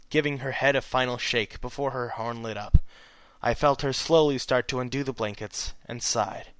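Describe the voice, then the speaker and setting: A man reading a first-person story aloud in steady, plain narration that sometimes slows into a hushed tone. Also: mid-range voice, clean tone, no room sound. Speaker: reader of fan fiction.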